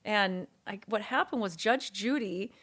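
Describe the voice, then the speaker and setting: A woman's voice: medium pitch, unhurried, fairly bright tone. A woman court reporter, a guest in a casual interview, telling her story animatedly and acting out the dialogue she quotes.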